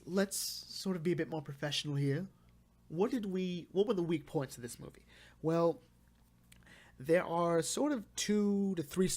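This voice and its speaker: A young man with a slightly high-pitched voice reviews a film in a loose, off-the-cuff way. He rambles, restarts his sentences and gushes with enthusiasm. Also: a little mellow. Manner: rambling and gushing, many restarts and "like". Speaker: movie reviewer. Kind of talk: casual spoken movie review.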